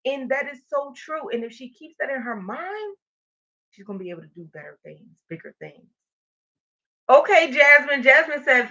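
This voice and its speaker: A woman's voice: high voice, sing-song, moderate pace, pushed and bright, lo-fi sound. A woman hosting a live stream, energetically encouraging viewers and reading their comments aloud. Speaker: motivational livestream host.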